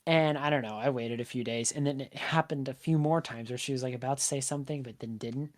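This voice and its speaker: A man talks as a guest on a casual podcast. He tells his stories in an animated way, and his sentences are full of "like" and "right?". His pitch sits in the middle range for a man. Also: fast. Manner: chatty, leans on "like" and "right?".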